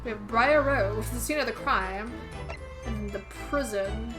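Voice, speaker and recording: A woman's voice: fairly high pitch, normal speed. A woman streaming a video game and musing aloud in a rambling, casual way. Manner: rambling, musing, laughs at herself. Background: game music.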